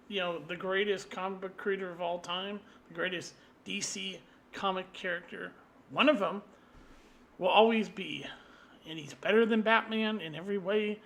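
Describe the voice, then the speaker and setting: A man with a high, piercing voice rants alone at the camera. He talks in a combative, profane stream and keeps flaring into louder outbursts. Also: gravelly. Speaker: vlogger. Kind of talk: angry solo rant to camera.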